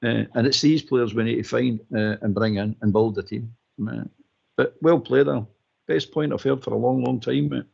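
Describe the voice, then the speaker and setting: A man's voice: medium pitch, steady tone, moderate pace, creaky, darkish tone, breathy edge. A Scottish man calling in to a radio phone-in, giving his opinion emphatically and repeating his points. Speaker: caller. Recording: muffled phone-in line.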